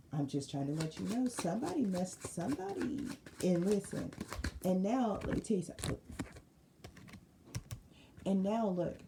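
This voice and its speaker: A woman giving a casual spiritual tarot reading, telling it as an animated, slangy story with lots of repeated phrases. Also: fairly low pitch, reverberant, slight background noise. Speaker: tarot reader.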